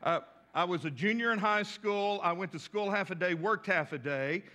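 A man in his sixties preaching in a folksy, animated way, slipping into voices as he tells stories. His voice sits high for a man and rings bright. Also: moderate pace. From West Texas. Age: 60s. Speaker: pastor. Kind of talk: storytelling sermon.

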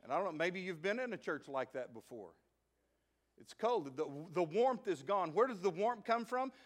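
A pastor with a Southern US accent delivers a lively sermon, slipping into quiet asides and jokes before building to shouted praise. His voice is high and moves at a normal speed.

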